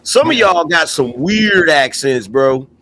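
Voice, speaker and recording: A man's voice: a little high, sing-song, takes it slowly, pushed and bright. A man teasing his friends in casual, joking banter over a video call, repeating words as he builds up to his point.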